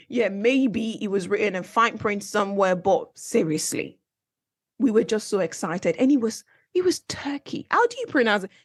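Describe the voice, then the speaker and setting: A young woman from Nigeria talks through a travel story on her own podcast, chatty and animated. She keeps turning to her listeners with asides and questions. Her voice sits in a middle pitch, and the sound is dry and close to the mic. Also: a little slow, no room sound. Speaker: podcast host. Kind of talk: casual solo storytelling podcast. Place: based in Manchester, recorded dry and close.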